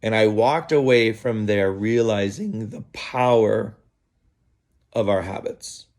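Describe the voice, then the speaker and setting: A man with a lowish voice tells a story in a relaxed, unhurried way, pausing often and restarting his sentences. He speaks outdoors in the early morning. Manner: relaxed, halting, many fillers and restarts. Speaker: vlogger. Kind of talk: casual storytelling to camera.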